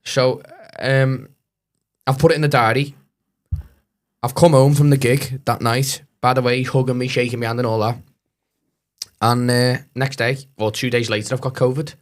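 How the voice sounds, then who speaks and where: Swearing storytelling comedian from Liverpool. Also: male voice, mid-range voice, normal speed. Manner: animated, swears, acts out voices in anecdotes. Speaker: comedian guest. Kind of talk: casual storytelling chat.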